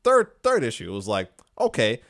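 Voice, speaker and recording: A man hosting a casual podcast who excitedly retells a comic book, laughing often. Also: mid-range voice, normal speed. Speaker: podcast host. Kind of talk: casual chat.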